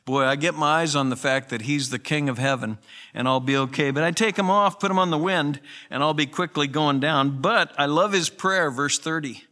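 A man's voice: on the high side, moderate pace, pushed and bright. A pastor preaching a sermon in an earnest, conversational way, with emphatic rises in his voice. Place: church.

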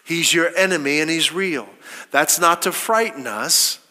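A man's voice: on the high side, a little slow, sharp tone, big-room sound. A man preaching a sermon, quoting scripture and asking his listeners rhetorical questions with emphasis.

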